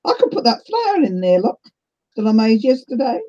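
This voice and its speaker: A woman's voice: on the high side, big pitch swings, a little fast, mellow, highs cut off. A middle-aged woman with a New Zealand accent, hosting a casual craft livestream and chatting with viewers as she works. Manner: chatty, greets viewers while working.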